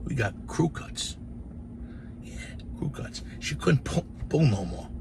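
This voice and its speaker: A man in his sixties casually telling childhood stories to camera in an animated, profane, rambling way. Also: mid-range voice, takes it slowly, creaky, background noise. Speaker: storyteller.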